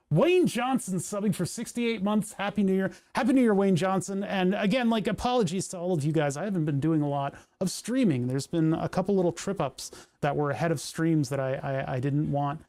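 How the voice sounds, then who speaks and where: High-voiced rambling male streamer. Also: fairly quick, few pauses, dark tone. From Pennsylvania. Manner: rambling, self-deprecating, reads chat aloud. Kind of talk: casual livestream chat.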